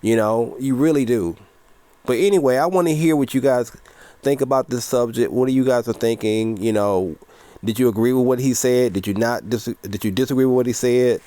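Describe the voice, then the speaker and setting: A man's voice: mid-range voice, a little fast, dark tone. A man giving earnest, rambling casual commentary to his viewers. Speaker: commentary vlogger.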